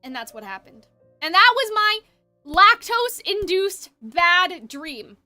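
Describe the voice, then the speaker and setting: A young woman streamer telling a long story in casual chat, rambling and animated with many fillers. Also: extremely high pitch, takes it slowly, no room sound, faint music behind.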